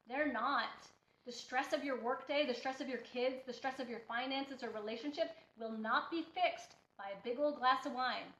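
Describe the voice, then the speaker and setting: A woman's voice: sits high, normal speed, a bit bright. Blunt, preachy woman in an echoey room. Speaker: healthy-eating coach. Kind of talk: motivational talk to camera. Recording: echoey room, dull lo-fi sound.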